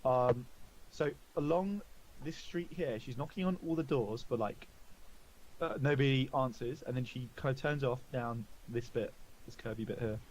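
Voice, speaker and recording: A man in a medium register running a tabletop game. He narrates casually with plenty of fillers and halting restarts, laughing along with his player. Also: medium pitch, darkish tone, a little hiss or hum, poor audio. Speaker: game master.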